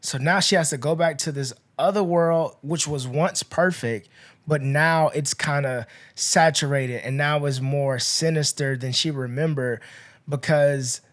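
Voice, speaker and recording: A man hosting a podcast, casually retelling a movie's plot in a chatty, rambling way, full of "you know" and "like", with his voice rising and dropping in loudness. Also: fairly high pitch, measured pace. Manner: chatty, filler-heavy storytelling with swings in loudness. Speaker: podcast host.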